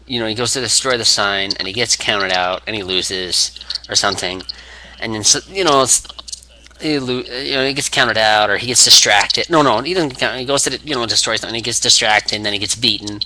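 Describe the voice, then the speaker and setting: Young dude riffing on wrestling storylines, super bright tense voice, bit of hiss behind. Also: male voice, fairly low pitch, poor audio. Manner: rambling with many restarts, acts out quotes. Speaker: wrestling fan video maker. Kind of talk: rambling fantasy booking monologue.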